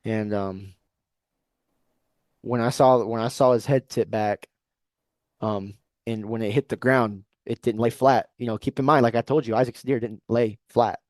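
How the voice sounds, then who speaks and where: Brief: young adult man, podcast guest, animated storyteller, mid-pitched voice, dry close recording. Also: a little slow, no echo. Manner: animated, breathless retelling with frequent "you know what I mean". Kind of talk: casual storytelling.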